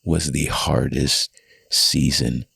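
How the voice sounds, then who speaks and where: Pastor guy in his 30s, super deep and raspy, husky, earnest heartfelt testimony on a podcast. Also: steady tone, slow pace, pushed and bright, no room sound. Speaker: guest pastor. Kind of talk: candid personal testimony.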